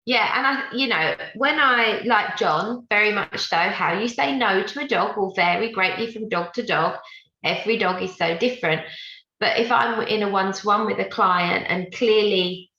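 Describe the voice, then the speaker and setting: A woman dog trainer with a gravelly, bright and forceful voice, talking animatedly on a podcast and quoting her clients. Her audio is echoey and somewhat dull. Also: mid-range voice, normal speed. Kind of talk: casual podcast chat.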